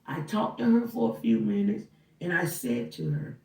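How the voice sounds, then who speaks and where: A woman who worked as a housekeeper, telling her story to viewers in a casual, animated way and acting out the dialogue as she goes. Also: medium pitch, moderate pace, creaky. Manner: animated, acts out dialogue while recounting. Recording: roomy, distant from the mic.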